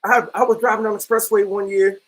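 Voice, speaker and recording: A man's voice: high-pitched, level tone, fast, low-quality recording. A man in a religious group discussion, telling a rambling, plainspoken story and reading scripture aloud. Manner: rambling, plainspoken, restarts often. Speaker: member of a religious brotherhood. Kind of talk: casual chat and scripture reading.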